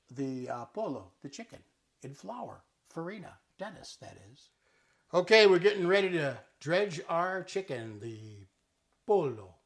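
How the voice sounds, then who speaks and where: The host of this cooking show has a slightly high, somewhat bright voice. In a kitchen with an island and stovetop, he cooks and chats playfully, teaching Italian words during a casual demonstration.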